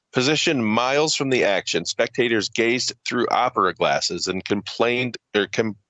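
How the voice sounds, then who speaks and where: A man's voice: on the low side, pushed and bright, no room sound, rough recording. A man co-hosting a podcast, reading notes aloud with profane, offhand asides. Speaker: podcast co-host. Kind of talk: casual reading of notes with banter.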